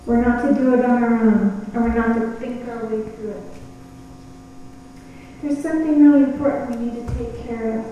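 High-voiced woman preaching in an echoey hall. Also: steady tone, moderate pace, dark tone, distant mic, lo-fi sound, slight background noise. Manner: earnest, conversational, acts out little dialogues. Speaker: women's ministry speaker. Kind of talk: sermon.

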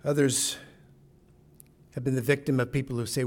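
A man's voice: mid-range voice, level tone, moderate pace. A man preaching a sermon as a pastor, earnest and emphatic, now and then restarting a phrase.

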